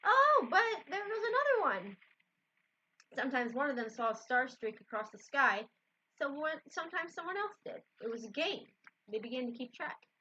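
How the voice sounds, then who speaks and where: Brief: woman storybook reader, gentle and casual, fairly high, bright, dull lo-fi audio. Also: brisk, slight background noise. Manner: gentle, unpolished, self-correcting. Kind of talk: reading a children's book aloud. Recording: dull lo-fi recording.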